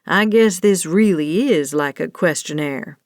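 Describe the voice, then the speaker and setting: A woman's voice: on the low side, measured pace, no echo, clean studio sound, pitched below the performer's own voice. A woman voicing a blunt, stubborn young cowboy who runs a dairy ranch, speaking in a plain, matter-of-fact drawl. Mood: wry.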